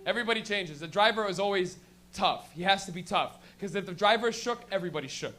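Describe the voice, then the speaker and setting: A young man from Canada works a club crowd with a profane stand-up set. His voice sits very high for a man, and he keeps jumping into quick voices for stoned friends and cops. The delivery is loose and conversational. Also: animated, bright, forceful tone, faint music behind. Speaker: stand-up comedian. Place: comedy club.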